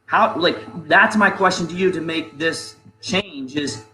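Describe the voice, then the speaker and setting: A man's voice: a little high, a little slow, sharp tone, reverberant, a little hiss or hum, rough recording. A man hosting a casual discussion, rambling and restarting his sentences as he poses questions. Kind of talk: casual debate chat.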